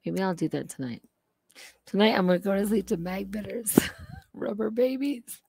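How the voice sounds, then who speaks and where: A woman's voice: medium pitch, moderate pace, vocal fry, mellow, breathy edge, no echo. A woman hosting a casual livestream, rambling and laughing at herself. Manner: rambling, self-mocking, laughs often. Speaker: livestream host.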